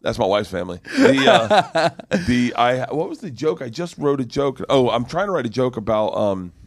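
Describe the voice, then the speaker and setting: Brief: forties male comic, animated, swearing, laughing, dry sound. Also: medium pitch, fairly quick, no room sound. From Florida. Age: 40s. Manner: animated, profane, laughing storyteller. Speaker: guest comedian. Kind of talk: casual podcast storytelling.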